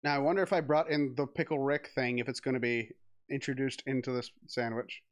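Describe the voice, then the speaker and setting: A man's voice: mid-range voice, steady tone, a little fast. A man streaming a text adventure game, reading the game text aloud with giggles, swearing and restarts. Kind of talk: casual let's-play commentary, reading game text aloud.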